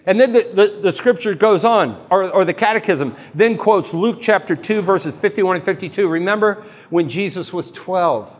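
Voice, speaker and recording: A man speaking in a fairly high voice and giving an animated, humorous talk to a live audience. He moves quickly between teaching and playful asides. A long hall reverb trails each phrase. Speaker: Catholic speaker.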